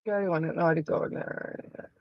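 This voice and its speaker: This home live streamer has a low-sitting voice with a steady tone and a brisk pace, recorded with no room sound and the highs cut off. Gaming while she chats, she's sarcastic, blunt and foul-mouthed, coughing at times from smoking.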